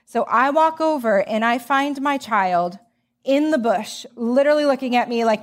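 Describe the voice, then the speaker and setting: Quick, chatty woman preaching a sermon. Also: high voice. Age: middle-aged. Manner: chatty, storytelling, lots of "like". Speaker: speaker.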